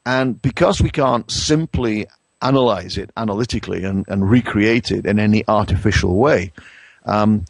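A middle-aged man with an English accent, a brewing science professor explaining things in a conversational interview, pausing and restarting often. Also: lowish voice, vocal fry, dry recording. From England. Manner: hesitant, many restarts and fillers.

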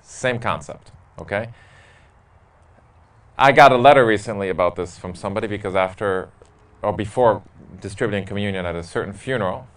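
Speaking briskly in a lowish voice, a priest takes questions from his parish group, recorded from a distance. He's candid and jokey, and he laughs at the stories he tells.

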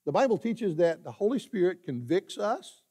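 A pastor delivers an animated sermon in a church sanctuary. His voice sits high for a man and moves through a very wide range, jumping sharply upward to stress a point. The tone underneath stays mellow and warm. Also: normal speed. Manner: animated preaching, voice leaps up on emphasis.

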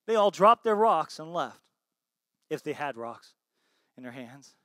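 High-voiced emphatic American pastor preaching. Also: male voice, sing-song, measured pace, no echo, clean studio sound. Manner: swings between loud emphatic bursts and low soft asides; asks the congregation rhetorical questions. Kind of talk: sermon.

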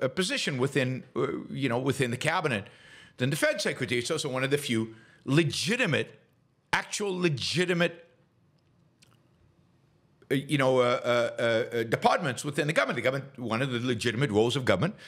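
A man's voice: mid-range voice, fairly bright tone. A middle-aged man hosting a solo political commentary show, talking scornfully with many restarts and fillers.

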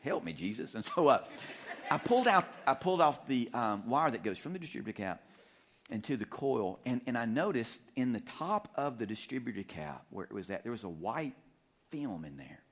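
A male pastor telling a humorous story in a sermon, animated and full of restarts. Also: mid-range voice, moderate pace. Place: church sanctuary.

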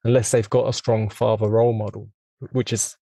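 A man's voice: lowish voice, flat delivery, brisk, creaky, dark tone, dry recording. A middle-aged man hosting an interview, speaking in an earnest, reflective, rambling way over a video call. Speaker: podcast host. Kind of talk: casual interview conversation.

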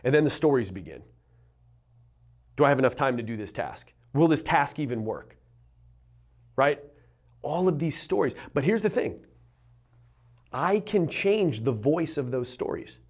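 A man's voice: medium pitch, very animated. Earnest, emphatic male motivational coach. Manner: earnest, emphatic, slows down on key phrases. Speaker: entrepreneurship and mindset coach. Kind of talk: motivational talk to camera.

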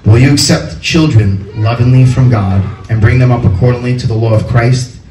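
Male wedding officiant, mid-pitched, upbeat, echoey distant pickup at a venue. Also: normal speed, faint music behind. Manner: upbeat, rising to a loud announcing voice. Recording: echoey, from far off.

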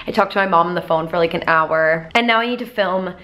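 A woman in her twenties talking casually to a handheld camera, chatty and expressive, with lots of "like" in her speech. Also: lowish voice, fast talker. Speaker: vlogger. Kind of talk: casual vlog chat to camera.

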